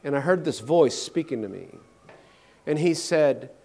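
Emphatic preacher man, higher voice. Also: lively intonation, a little slow, breathy edge. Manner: emphatic, swings between loud declarations and hushed lows. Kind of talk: sermon testimony.

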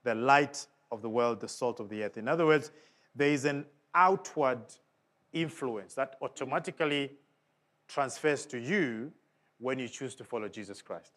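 A man's voice: normal speed, fairly bright tone. A man preaching a sermon in an emphatic way, often putting questions to the congregation. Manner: emphatic, with big swings of pitch and volume.

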